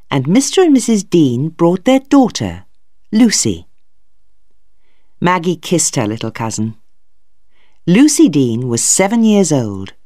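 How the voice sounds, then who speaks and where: A narrator reading a graded storybook for English learners in a clear, deliberate, expressive way. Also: mid-range voice, no echo, studio quality.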